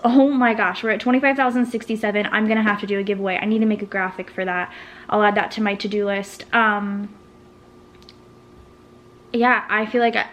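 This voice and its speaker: Woman vlogger, 30s, higher voice, excitable and rambling. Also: a little hiss or hum. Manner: nervous, excitable, rambling with many restarts and fillers. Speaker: vlogger and small business owner. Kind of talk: casual vlog chat to camera.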